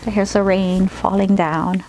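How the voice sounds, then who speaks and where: A woman play therapist demonstrating a storytelling technique, switching between slow, gentle storytelling and practical instructions. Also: medium pitch, flat delivery, a little hiss or hum.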